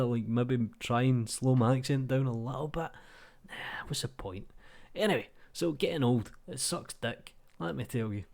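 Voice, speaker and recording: A man in his thirties with a broad Glasgow accent talks off the cuff, blunt and sweary. His voice sits at an ordinary middle pitch, and he sounds relaxed and self-mocking as he chats. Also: creaky. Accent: Glaswegian Scottish. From Scotland. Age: 30s. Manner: playing a game while talking. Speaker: YouTube 3D tutorial creator. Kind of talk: casual rambling vlog chat.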